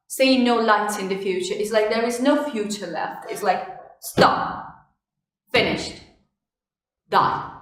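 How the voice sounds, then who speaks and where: Young woman tutor, high voice, expressive drawn-out syllables, very echoey room. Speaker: language teacher, channel host. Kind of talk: casual online language lesson.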